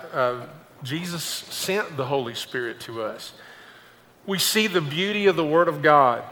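A man's voice: on the high side, a bit bright, long reverb tail. An older man, a pastor, preaching a conversational sermon, often repeating words as he starts a thought.

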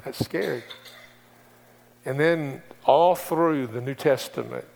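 A man's voice: mid-range voice, slow pace, vocal fry, a little mellow. Man preaching in a reverberant hall. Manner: preachy, rising to emphatic exhortation, repeats key phrases. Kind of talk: sermon. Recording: long reverb of a large hall.

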